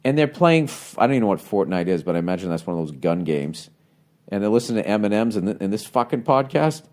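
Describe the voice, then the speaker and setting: A man's voice: on the low side, sing-song, quick pace, a little mellow. A middle-aged man hosting a podcast, bluntly giving casual advice on a listener's letter with lots of swearing and rambling asides. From United States.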